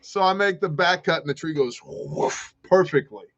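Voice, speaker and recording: A man hosting a livestream, telling an animated story and laughing often as he acts out the other people's voices. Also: on the high side, normal speed. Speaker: prepper channel host. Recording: dull lo-fi livestream audio.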